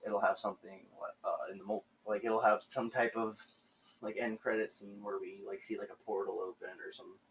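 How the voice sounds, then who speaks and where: Rambling young man, lower voice. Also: flat delivery, normal speed, creaky, far from the mic, slight background noise, poor audio. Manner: rambling, many fillers and restarts. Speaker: video host. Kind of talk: casual solo commentary. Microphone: home microphone.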